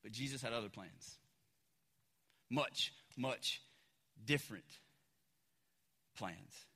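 A male pastor preaching a sermon in a casual, animated storytelling way with lots of fillers. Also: mid-range voice, slow, vocal fry, breathy edge, in a large hall.

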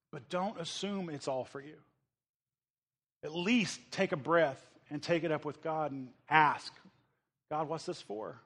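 A man from the United States delivers a sermon from the pulpit, animated and lively. He slips into the voices of the people in his story as he preaches. His voice sits fairly high for a man. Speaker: pastor.

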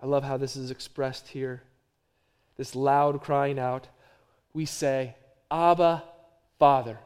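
A middle-aged male pastor preaching a sermon, swinging from hushed, low phrases to loud, emphatic repeated lines. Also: monotone, slow pace, clean tone.

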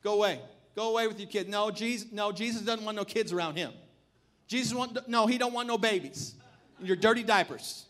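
A man's voice: sits high, brisk, fairly bright tone. A man voicing a brusque male disciple who scolds parents and shoos them away. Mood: dismissive. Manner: dismissive, scolding.

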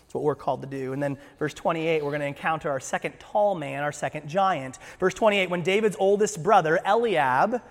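A man preaching a sermon in church, animated and acting out scripture scenes with voices. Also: a little high, a little fast, in a large hall. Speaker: pastor.

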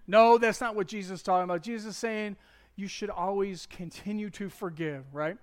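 A man giving a conversational sermon as pastor, retelling a Bible story in a casual, joking, animated way. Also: sits high, brisk.

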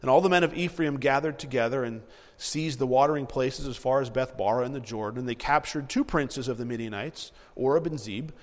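Animated preacher man in an echoing hall. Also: medium pitch, brisk. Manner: animated, repeats himself, acts out scenes. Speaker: preacher teaching a Bible passage. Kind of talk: sermon with verse reading.

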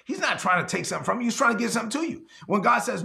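A man delivers a sermon in a high, gravelly voice. He leans on key phrases, repeats them slowly, and slips into quick acted exchanges to make his point. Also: huge pitch swings, bright, forceful tone. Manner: emphatic, repeats key lines slowly for effect; acts out quick back-and-forth dialogues. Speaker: preacher.

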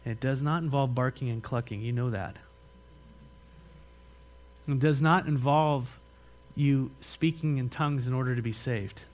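A man pastor preaching a sermon in a church, speaking emphatically and conversationally with questions to the congregation, then praying softly. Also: mid-range voice, brisk, hardly any pauses. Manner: drops to a soft, earnest tone in prayer. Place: church sanctuary.

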